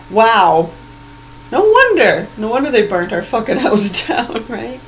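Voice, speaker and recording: A woman's voice: medium pitch, fairly bright tone, a little hiss or hum, poor audio. A woman ranting into her phone in an angry, profane and sarcastic way, mocking people with bursts of laughter. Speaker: vlogger. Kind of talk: ranting vlog monologue. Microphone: phone video recording.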